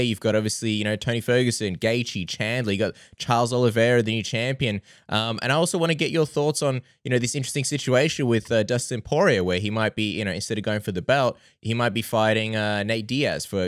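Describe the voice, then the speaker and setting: A man's voice: mid-range voice, no echo, clean studio sound. A man hosting an interview podcast, asking long questions full of fillers. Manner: quick with many fillers. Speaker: podcast host.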